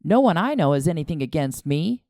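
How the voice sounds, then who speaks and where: A steady husband speaks slowly in a low, mellow voice, reasoning through what happened, as a woman reads him. The sound is dry and close. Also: no echo. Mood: bewildered. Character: steady, bewildered homeowner man, a husband.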